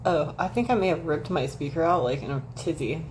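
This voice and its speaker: A woman's voice: sits low, fairly quick, darkish tone, slight background noise. A woman chatting casually with her viewers on a livestream, rambling and swearing freely as she gossips and answers the chat. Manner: reacts to chat messages. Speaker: livestream host.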